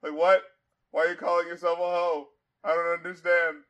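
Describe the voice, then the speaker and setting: A man hosting a casual album review podcast, animated and profane, quoting lyrics aloud and laughing often. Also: fairly high pitch, brisk.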